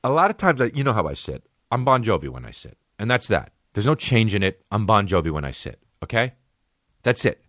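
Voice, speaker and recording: Man, 30s, podcast host, profane comic rant, very lively pitch, dry close sound. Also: brisk, dry recording. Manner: profane, ranting, rising to a high-pitched mock outrage. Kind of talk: comedic podcast monologue.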